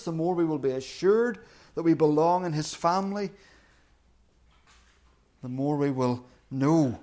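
Earnest preacher man, slightly high voice. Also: a little mellow. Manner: earnest, emphatic repetition with slow deliberate pauses. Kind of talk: sermon.

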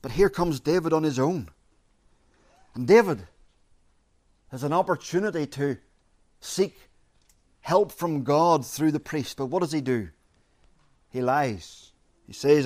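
A man preaching an expository sermon, measured and emphatic, repeating his key phrases. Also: a little high, a little mellow.

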